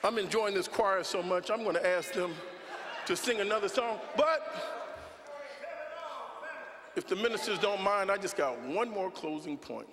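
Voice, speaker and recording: A man giving an impassioned political speech at a forum, in a preaching cadence that builds to shouts. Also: high voice, animated, moderate pace, pauses often, crowd noise, noisy background. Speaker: speaker at a Saturday forum. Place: large hall with a choir. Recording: long hall reverb from the PA.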